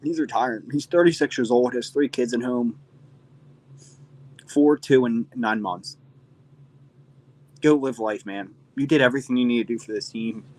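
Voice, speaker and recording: A man's voice: mid-range voice, moderate pace, low-quality recording. A young man hosts a postgame reaction stream. He rambles, gets emotional and swears freely, with a mid-range voice. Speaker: host.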